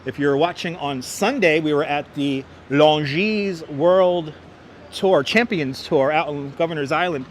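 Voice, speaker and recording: A man's voice: on the high side, measured pace. A man hosting a live walking tour outdoors, chatting and greeting viewers by name, on a wireless clip-on mic. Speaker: livestream host walking the city. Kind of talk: live walking-tour commentary, reading chat. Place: outdoors on busy city streets. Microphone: wireless clip-on mic, phone camera on a gimbal. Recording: faint street traffic behind.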